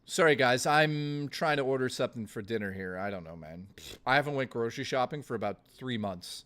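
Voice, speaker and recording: A male streamer talks to his live chat at an everyday mid pitch. He rants and swears in a loose, blustery way. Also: animated, fairly quick, fairly bright tone. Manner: profane, blustery ranting to chat.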